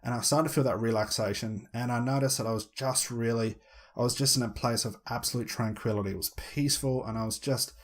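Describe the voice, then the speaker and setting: A dreamy hypnosis client, put on by a man, slowly recalls the calm of a beach. The voice is husky and slightly breathy, unhurried and absorbed. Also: mid-range voice, natural voice.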